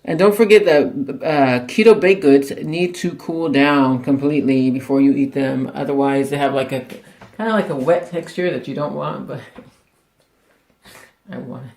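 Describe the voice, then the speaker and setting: A man's voice: medium pitch, a little slow, gravelly, darkish tone. A man hosting a casual cooking vlog in a kitchen, chatty and rambling, laughing as he tastes. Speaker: cooking show host. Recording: echoey room.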